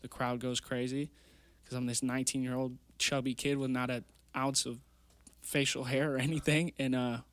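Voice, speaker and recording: A man's voice: mid-range voice, level tone, moderate pace, a bit bright, no room sound. A young man in his twenties, a guest on a podcast, telling his story in a rambling, earnest way full of fillers. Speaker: guest, amateur MMA fighter. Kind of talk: casual storytelling interview. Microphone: podcast mic.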